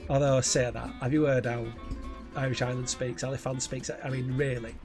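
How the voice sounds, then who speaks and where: A man's voice: mid-range voice, flat delivery, brisk, over music. A man hosting a live stream, riffing in a jokey, crude and rambling way while he reads chat. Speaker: livestream host.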